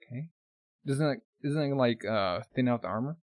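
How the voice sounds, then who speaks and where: Brief: gentle younger brother in armor, earnest, man's lightly raised voice. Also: medium pitch, expressive, moderate pace, dry recording, studio quality, close to an everyday voice.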